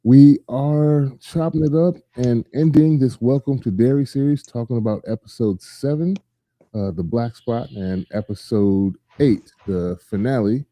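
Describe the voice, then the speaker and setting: A man hosting a casual chat show, talking in an animated way and acting out scenes in quick voices. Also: mid-range voice, dry recording. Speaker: podcast host.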